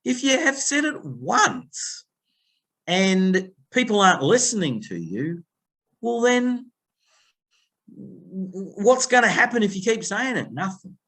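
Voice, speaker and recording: A middle-aged Australian man with a fairly high-set voice speaks slowly as a podcast guest and people-pleasing coach. He tells animated stories, slipping into quoted voices from phone calls, and lays out advice in a plain, conversational way.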